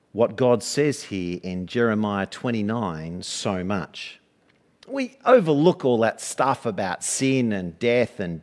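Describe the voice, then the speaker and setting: A man with an Australian accent preaching a sermon in a lively, rhetorical way, playing with his congregation. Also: medium pitch.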